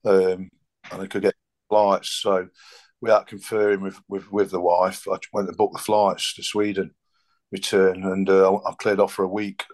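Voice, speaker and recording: Middle-aged man, very deep monotone, unpolished guest. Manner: halting, plain-spoken. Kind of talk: casual chat.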